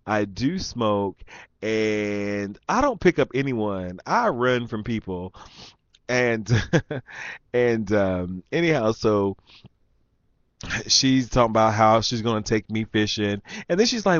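Guy hosting his show, rambling funny story, lowish voice, kinda dry dull sound. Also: expressive, slow, no room sound. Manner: chatty, laughing, with asides to listeners. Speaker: show host. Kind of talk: casual storytelling monologue.

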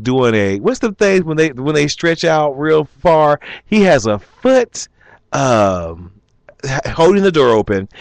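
Animated man telling a story. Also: a little high, no room sound. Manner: animated, chuckling, acts out quotes. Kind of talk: casual anecdote telling.

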